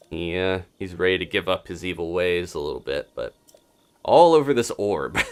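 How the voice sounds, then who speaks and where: A man's voice: deep voice, clean tone. A man streaming gameplay live, chatting casually to viewers and laughing often as he plays. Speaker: game streamer.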